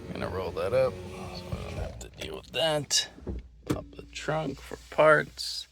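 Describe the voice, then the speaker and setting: Unhurried man in a noisy outdoor yard. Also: mid-range voice, gravelly. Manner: relaxed, thinking aloud, plain-spoken. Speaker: mechanic vlogger. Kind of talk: casual self-filmed work vlog.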